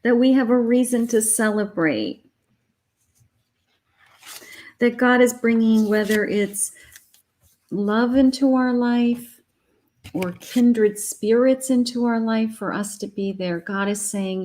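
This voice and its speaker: Slow, emotional woman giving a tarot reading. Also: a little high, a little mellow. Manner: emotional, uplifting, speaks slowly with repeated affirmations. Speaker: psychic tarot reader. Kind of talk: live spiritual reading to viewers.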